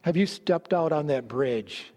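A man preaching a sermon, telling stories and dropping low and slow to stress his points. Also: expressive, darkish tone. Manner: storytelling, drops low and slow for emphasis. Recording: long hall reverb.

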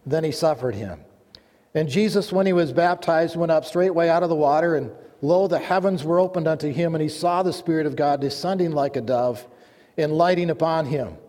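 A pastor delivering a sermon, reading scripture aloud and telling a folksy joke in an earnest manner. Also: male voice, a little high, brisk, darkish tone. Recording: long hall reverb.

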